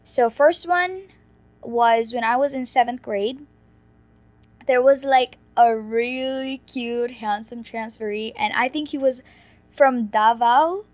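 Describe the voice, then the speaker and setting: A teenage girl casually telling stories from her school years, chatty and full of fillers, dropping into a hushed voice for the scary part. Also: fairly high pitch, slow, no room sound. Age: late teens. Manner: chatty, frequent "like" fillers, drops to a hushed scary voice for the ghost story. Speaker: vlogger. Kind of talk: casual storytime.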